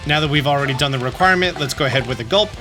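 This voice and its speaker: A man's voice: medium pitch, rapid-fire, over music. A man giving chatty, upbeat walkthrough commentary at home, often reading game text aloud. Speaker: gaming YouTuber.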